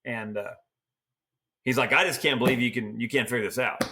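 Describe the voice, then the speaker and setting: A man's voice: medium pitch, fairly quick, background noise. A middle-aged man from Oregon, a team roper and trainer, telling stories in a casual, folksy way. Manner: folksy, animated storyteller acting out quotes. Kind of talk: casual storytelling.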